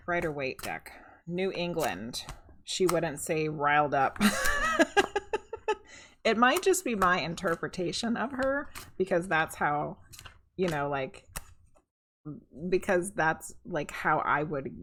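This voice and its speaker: Slow, low-voiced woman medium streaming. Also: fairly bright tone, a little hiss or hum. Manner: chatty, thinking aloud with fillers. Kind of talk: live-stream tarot reading, reading chat aloud.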